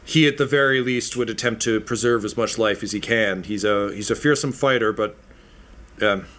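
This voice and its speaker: A weary army captain, as a game master plays him, speaks in a measured, grave manner and halts often. It is a tabletop game character. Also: male voice, fairly low pitch, fairly bright tone, close to an everyday voice.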